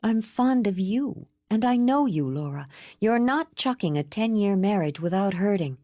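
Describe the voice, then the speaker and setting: A woman's voice: medium pitch, lively intonation, normal speed, dark tone, no echo, clean studio sound, voice pushed up, lightly acted. A woman voicing a fiery, impulsive young woman who is worn out from travel, talking in an urgent, demanding way. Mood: insistent.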